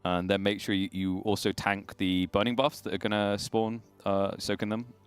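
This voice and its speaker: A man co-casting a gaming livestream in casual banter, playful and scattered, with halting restarts. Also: fairly low pitch, flat delivery, clear, resonant tone, no echo. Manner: playful, jumps between impressions, halting restarts. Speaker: stream co-caster.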